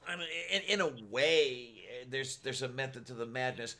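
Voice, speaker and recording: A man's voice: medium pitch, normal speed, bright, forceful tone. A man in a casual group chat, wry, with dry humor.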